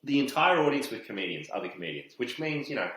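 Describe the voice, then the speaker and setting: A young man, a comedian, telling stories in a jokey, animated way. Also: mid-range voice, fast. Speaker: guest comedian. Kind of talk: casual chat, storytelling. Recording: very echoey room.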